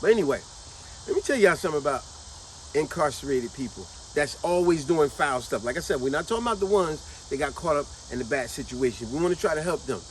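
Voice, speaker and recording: A woman's voice: sits low, lively intonation, fast talker, slight background noise, poor audio. A middle-aged woman giving casual commentary to her vlog audience, emphatic and repetitive, stretching out words to drive her points home. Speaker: vlogger.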